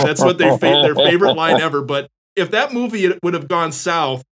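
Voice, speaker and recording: A man's voice: fairly high pitch, brisk, few pauses, a bit bright. A man co-hosting a podcast, chatting casually with dry humor. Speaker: podcast co-host. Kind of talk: casual chat.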